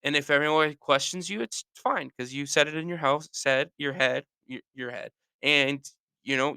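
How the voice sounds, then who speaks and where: A man rants casually on his own podcast, rambling and correcting himself as he goes, with sighs between thoughts. His voice is bright and clear, with gravelly fry. The sound is dry and close. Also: fairly high pitch, moderate pace, no room sound. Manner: rambling, self-correcting, sighing. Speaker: podcast host. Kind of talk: casual solo rant.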